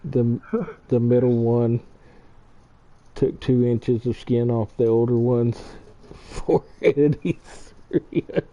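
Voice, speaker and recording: A man's voice: mid-range voice, flat delivery, slow, dark tone. A middle-aged man hosting a gaming stream, chatting casually and laughing as he tells family stories. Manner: chatty storyteller, laughs often. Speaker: gaming channel host. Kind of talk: casual chat while streaming a farming game. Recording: dull lo-fi stream audio, faint noise.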